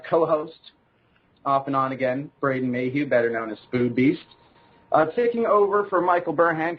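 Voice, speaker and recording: A man's voice: a little high, husky, narrow, tinny audio. A Canadian man hosting a casual gaming podcast panel, giving rambling, upbeat introductions. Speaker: podcast host.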